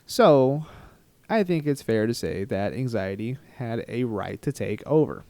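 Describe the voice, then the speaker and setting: Animated, rambling man telling a travel story. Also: mid-range voice, unhurried, no echo. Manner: animated, rambling and self-mocking. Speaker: travel vlogger. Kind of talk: storytime vlog narration.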